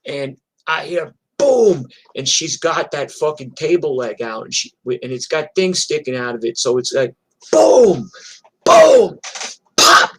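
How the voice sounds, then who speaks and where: A man from New York telling wild street stories in a casual, profane, animated way, acting out the fights as he goes. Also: medium pitch. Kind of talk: casual storytelling. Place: streamed from home.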